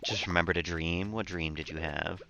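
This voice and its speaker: A man streaming a game and chatting casually in a relaxed, rambling way, chuckling often. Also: deep voice, moderate pace, gravelly, dull audio, noisy background. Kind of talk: casual gameplay chat.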